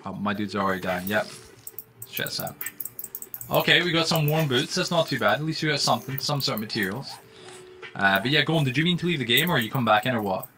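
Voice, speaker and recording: A young man live-streaming a game, chatting with viewers in slang and breaking into loud exclamations. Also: medium pitch, animated, quick pace. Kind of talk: live-stream gaming commentary. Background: faint music.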